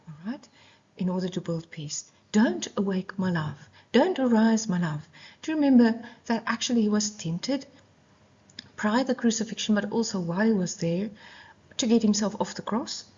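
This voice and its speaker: A woman teaching a devotional Bible lesson, slow and intense, often dropping into a whisper. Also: mid-range voice, expressive, warm tone. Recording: lo-fi dull recording.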